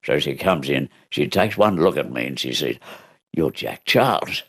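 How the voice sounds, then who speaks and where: An older Australian man telling stories from his life in an interview, with a halting delivery full of fillers. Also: very deep voice, very noisy. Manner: halting, with many fillers and lively storytelling. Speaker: guest, actor. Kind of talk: storytelling in an interview.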